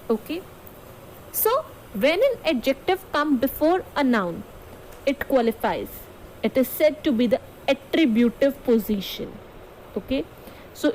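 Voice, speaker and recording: A woman's voice: high-pitched, a little mellow, slight background noise, rough recording. A woman teacher with an Indian English accent, explaining a grammar lesson step by step to students and often checking in with "okay". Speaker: school teacher.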